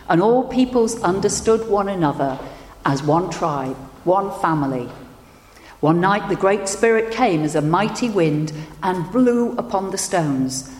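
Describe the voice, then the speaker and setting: A woman minister giving a sermon and leading a prayer, telling stories in a measured, gentle way. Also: lowish voice. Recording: echoey hall with long reverb.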